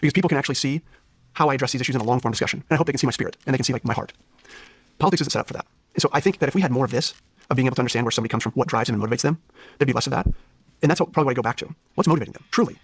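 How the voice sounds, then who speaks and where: Male candidate, 30s, earnest and searching, quick delivery, slightly husky tone. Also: mid-range voice. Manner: earnest, searching, many restarts. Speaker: political candidate, guest. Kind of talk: interview conversation.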